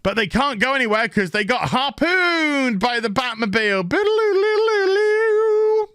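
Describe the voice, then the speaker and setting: A man's voice: extremely high pitch, expressive, sharp tone, smooth, dry recording, studio quality. A man recapping a TV episode in a casual, sarcastic, profane rant, mocking the scenes. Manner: mocks scenes in quick put-on voices. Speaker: TV show reviewer.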